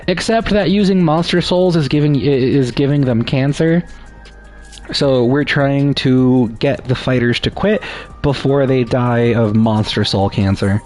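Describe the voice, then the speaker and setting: A man's voice: mid-range voice, measured pace, a little mellow, soft background music. A man giving casual, rambling commentary while playing a game, joking at his own expense. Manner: rambling, self-deprecating, lots of fillers and restarts. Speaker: gaming streamer.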